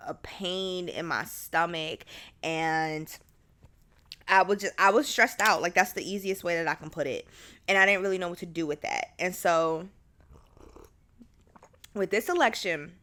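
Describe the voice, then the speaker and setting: A woman's voice: on the low side, bright, forceful tone. A young woman hosting a podcast alone, talking in a candid, rambling way with lots of fillers and restarts. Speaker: podcast host. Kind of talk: casual solo chat.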